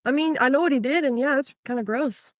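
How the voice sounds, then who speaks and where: A woman's voice: high voice, quick pace, no echo. Giggly young woman telling stories. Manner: giggly, animated storyteller acting out quotes. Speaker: podcast co-host. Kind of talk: casual chat.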